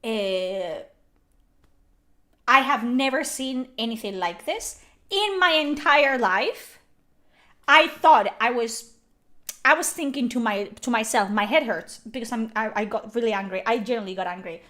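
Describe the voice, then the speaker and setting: A woman from Spain with a Spanish accent and Spanish as her first language, commenting on a game in an animated, emphatic, exasperated way and swearing freely. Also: on the high side, measured pace. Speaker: streamer.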